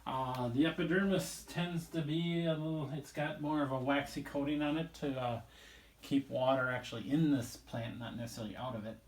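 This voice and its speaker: A man's voice: mid-range voice, fairly even intonation, normal speed. A man teaching a recorded biology lesson, explaining casually and rambling a little as he draws and talks through the page. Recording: echoey room.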